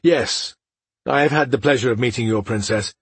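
A man's voice: medium pitch, moderate pace, breathy edge, no echo. A man voicing a stern male commander who talks in a clipped, authoritative way. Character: stern male lord marshal, guarded commander.

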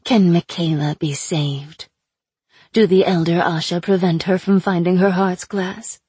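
A woman voicing a cruel, sly chained sorceress who mocks her captor in a slow, drawn-out way. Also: fairly low pitch, steady tone, mellow, husky, no echo. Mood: taunting. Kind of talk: audiobook character voice.

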